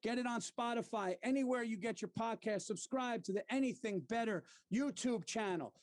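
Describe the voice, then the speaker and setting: A man's voice: extremely high pitch, moderate pace. A man who is a comedian and podcast host, chatting casually and agreeably. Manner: agreeable, laid-back, profane.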